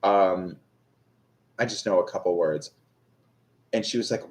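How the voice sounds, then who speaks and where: A young adult tarot reader on a live stream speaks at a measured pace with long pauses, his low voice carrying a darkish tone. He chats casually and ramblingly with viewers, putting himself down, using lots of fillers, and restarting often.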